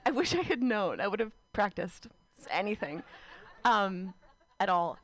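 A woman's voice: medium pitch, very animated, moderate pace. A woman in her thirties from the San Francisco Bay Area telling a rambling, self-deprecating stand-up story full of "like" fillers. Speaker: stand-up comedian.

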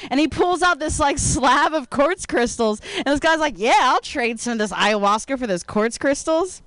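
High-voiced woman telling rambling stand-up. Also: fairly bright tone, dry recording. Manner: rambling, laid-back, full of "like". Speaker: stand-up comedian. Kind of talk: stand-up storytelling.

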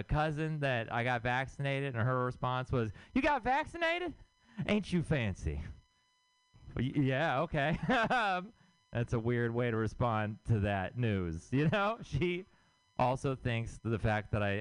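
Profane stand-up comic from Houston. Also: male voice, mid-range voice, smooth, no room sound. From Houston, Texas. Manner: rambling, profane, laughs at own jokes. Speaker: stand-up comedian. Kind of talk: stand-up set. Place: comedy club stage.

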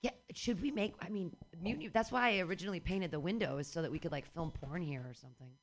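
Woman hosting an open mic. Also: on the low side. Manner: chatty, giving quick comments. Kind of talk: casual feedback after a set. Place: small comedy venue.

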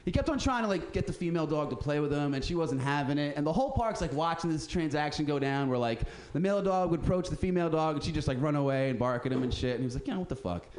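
Male radio host with a fairly high, very lively voice, swearing freely through casual storytelling. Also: fast talker, few pauses. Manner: profane, animated, acts out people in quotes.

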